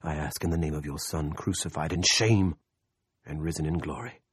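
A man voicing a desperate preacher in an audiobook, growly, hushed and slow as he pleads in prayer. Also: extremely low pitch, breathy edge, no echo, studio quality. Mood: pleading. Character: desperate pleading middle-aged male preacher. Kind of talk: audiobook character voice.

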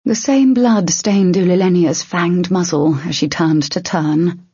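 Husky, low-voiced woman narrator. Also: measured pace, dark tone, dry recording. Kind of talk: audiobook narration. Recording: dry, dull lo-fi.

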